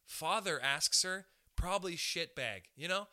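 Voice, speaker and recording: A young man with a very bright, ringing voice, riffing through a comic monologue. He talks in a loose, rambling way, swearing casually and dropping animated asides. His voice sits a bit high for a man. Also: unhurried. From Canada. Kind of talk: stand-up style monologue.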